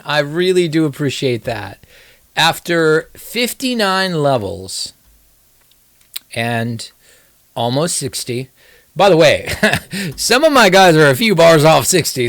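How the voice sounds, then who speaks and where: A man chats through a live game stream from his computer, drifting between thoughts in a wry, self-mocking way. His delivery is unhurried and loose. The sound is dry and close, with no room around it. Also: fairly high pitch, fairly bright tone, dry recording. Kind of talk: casual live-stream commentary while gaming.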